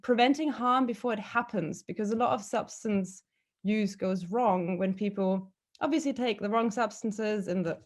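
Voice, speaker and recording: A woman who works as a festival carer, speaking thoughtfully on a panel and pausing to find words. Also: mid-range voice. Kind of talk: panel talk.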